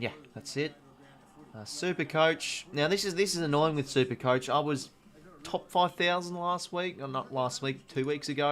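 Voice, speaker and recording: A man's voice: medium pitch, a bit bright. A man around twenty with an Australian accent, hosting a casual live watch-along stream, chatting loosely and reading out viewer comments. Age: 20s. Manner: chatty, reads viewer comments, says "mate" often. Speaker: livestream host.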